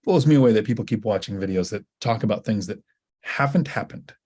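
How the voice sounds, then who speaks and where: A low-voiced man with a slightly husky tone, hosting a relaxed question-and-answer stream. He rambles casually and often stops and restarts his sentences. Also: a little fast. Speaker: host. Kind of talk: casual livestream Q&A.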